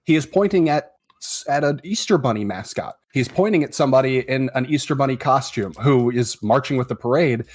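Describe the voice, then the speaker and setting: A man running a tabletop role-playing game, narrating the scene in a relaxed way with many fillers. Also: mid-range voice, brisk, hardly any pauses. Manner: relaxed, with frequent fillers and hedges. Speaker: game master.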